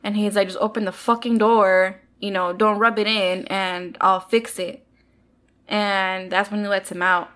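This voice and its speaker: A woman in casual chat about a movie, animated, swearing freely and acting out lines from it. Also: mid-range voice, a little slow. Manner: animated, swears, acts out quotes.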